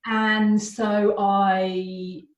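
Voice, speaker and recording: A middle-aged woman with a soft Australian accent, worn down by years in southern England. She talks in a loose, chatty way, breaks off to laugh and restarts sentences. Her voice sits in a middle pitch and comes through a video call from a roomy, echoey space. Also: level tone, very slow. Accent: Australian, softened by years in southern England. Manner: chatty, laughs easily, self-correcting restarts. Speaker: guest, therapist and painter. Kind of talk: casual video-call chat.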